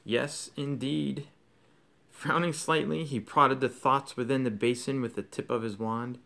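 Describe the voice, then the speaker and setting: A man's voice: mid-range voice, moderate pace. Man reading a novel aloud expressively. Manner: expressive storytelling. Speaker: audiobook reader.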